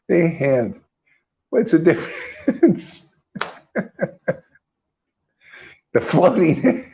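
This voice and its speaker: A man preaching to a small group in a loose, emphatic way, often calling his listeners "man" and throwing in blunt, mocking swears. His voice sits a little high for a man. The recording sounds dull and lo-fi. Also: sing-song, drawn-out words, creaky, long pauses, darkish tone. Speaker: spiritual teacher.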